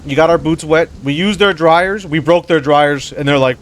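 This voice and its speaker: A man's voice: fairly high pitch, normal speed, few pauses, slight background noise. A man giving casual, rambling commentary while he plays a game, slangy and profane, jumping between stories and reactions. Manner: rambling, profane, slangy, calls listeners brother. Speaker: gamer and commentator.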